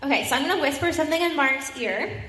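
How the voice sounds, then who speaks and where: A high-pitched woman talks young children through a church children's message, upbeat and coaxing. Her voice carries through a large, echoey sanctuary with a long hall reverb and a faint hum of room ambience. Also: fast, a bit bright. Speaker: children's sermon leader. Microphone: handheld microphone.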